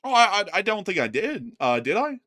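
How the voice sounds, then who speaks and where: A bright-voiced American man in loose, rambling conversation. His pitch swings widely as he talks. He fills his sentences with "like" and "man" and laughs between them. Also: very animated, brisk. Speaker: co-host of a news commentary channel. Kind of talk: casual chat.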